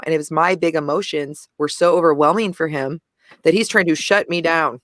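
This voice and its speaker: A woman's voice: low-pitched, a little fast, no echo, clean studio sound. A woman co-hosting a casual discussion, talking intensely and animatedly and often restarting her sentences. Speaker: podcast co-host.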